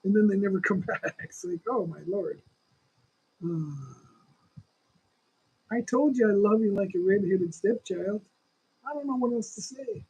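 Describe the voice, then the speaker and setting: A man's voice: sits high, unhurried, pauses often, darkish tone, breathy edge, poor audio. A man in his sixties with a lingering cough, hosting a casual livestream and chatting in a rambling, opinionated way straight to his viewers. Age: 60s. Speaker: livestream host.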